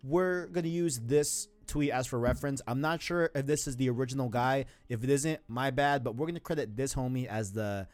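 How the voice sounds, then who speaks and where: A man's voice: medium pitch, fairly quick, few pauses, a little mellow. A man co-hosting a casual gaming talk show, loose and slangy, often tagging on "you know what I'm saying". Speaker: podcast co-host.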